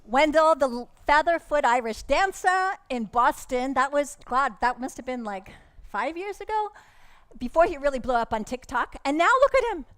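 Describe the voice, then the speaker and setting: A woman's voice: sits high, expressive, normal speed, a bit bright. A woman playing a pushy, rambling stage-mom manager in a live comedy sketch. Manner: pushy, rambling, self-promoting.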